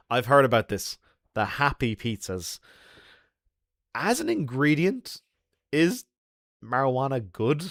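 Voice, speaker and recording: An Irish man hosts a live stream, reading out viewer comments and chatting loosely, joking, laughing a lot and using many fillers. His pitch is medium, with no echo and studio-quality sound.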